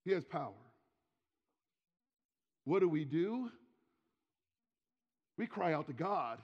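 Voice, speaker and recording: High-voiced preacher in a reverberant church. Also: male voice, big pitch swings, slow pace. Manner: emphatic, repeats words, drops to a quiet intimate tone. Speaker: pastor. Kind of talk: sermon. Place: church sanctuary. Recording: long hall reverb, dull lo-fi sound.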